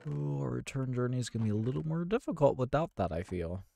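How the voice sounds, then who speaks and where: A man's voice: medium pitch, very animated, quick pace, vocal fry, dark tone, slight background noise. A man hosting his gaming channel, giving live gameplay commentary in an exasperated, self-talking way with mild cursing.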